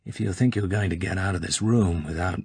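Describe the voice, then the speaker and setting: A man's voice: low-pitched, fairly quick, a little mellow, slightly rough, dry recording, full character voice. A man voicing a cool, sarcastic British spy in an audiobook reading. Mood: cool sardonic.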